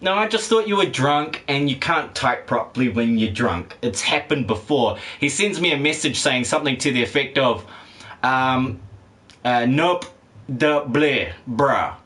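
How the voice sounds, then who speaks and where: At a normal speed, a man with a mid-range, pushed and bright voice and lively intonation hangs out with viewers on a casual live stream of a video game. He reads chat, rambles, jokes, swears and laughs frequently.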